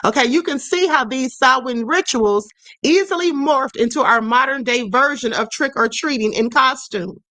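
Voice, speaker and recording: A woman's voice: high voice, normal speed, bright, forceful tone, no room sound. Woman, live-stream host, chatty, checks in with "okay", reads comments aloud, dry close sound. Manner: conversational, peppered with "okay", reading viewer comments aloud.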